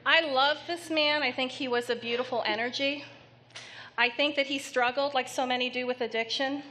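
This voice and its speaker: Bright-voiced woman medium on stage. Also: high-pitched, fairly even intonation. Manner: gentle, halting, with many pauses and fillers. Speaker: psychic medium. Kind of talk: live stage reading to an audience member. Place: theater stage before an audience.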